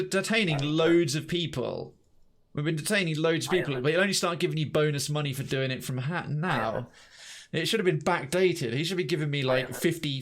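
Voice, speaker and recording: A man's voice: fairly high pitch, normal speed. A man giving casual, jokey commentary while playing a game, thinking aloud and swearing now and then. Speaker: let's play streamer.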